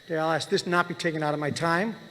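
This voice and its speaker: A man, a physician, giving impassioned public testimony at a hearing, speaking forcefully and confronting officials directly. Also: fairly high pitch, fairly even intonation, fast, in a large hall, rough recording.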